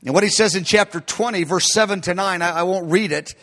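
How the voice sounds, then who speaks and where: A man's voice: high voice, fairly quick, pushed and bright. A man preaching a sermon in an emphatic way, calling his listeners "beloved.".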